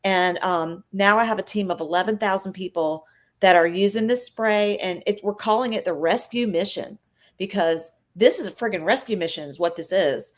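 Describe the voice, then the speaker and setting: A woman's voice: mid-range voice, moderate pace. A middle-aged woman, guest on a live stream, telling an emotional faith and healing story in a chatty, earnest way.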